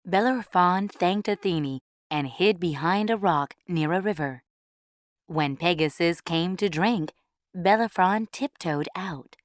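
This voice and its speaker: Clear, unhurried female story reader, lowish voice, dry studio sound. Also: no echo. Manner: clear, measured read-aloud. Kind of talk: storybook reading for English learners.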